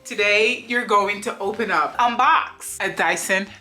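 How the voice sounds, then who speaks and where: A woman's voice: mid-range voice, unhurried, pushed and bright, faint music behind. A young woman vlogging a dramatic unboxing, theatrical and sassy, chatting straight to her viewers.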